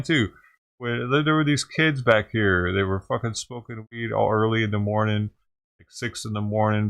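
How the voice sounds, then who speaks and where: Reacting to a news clip on his vlog, this man rants heatedly and swears often. His voice is on the low side with a bit of brightness.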